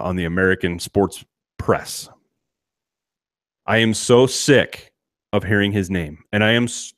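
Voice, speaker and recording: A middle-aged co-host on a sports podcast rants in exasperation during casual sports chat, frequently restarting his sentences. His voice is low, and the studio-quality recording has no room sound.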